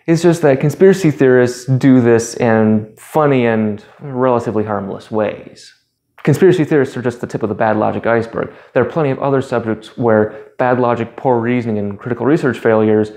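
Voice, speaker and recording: Male host, mid-pitched, dry sarcastic commentary delivery. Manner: sarcastic, deadpan asides. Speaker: YouTube channel host.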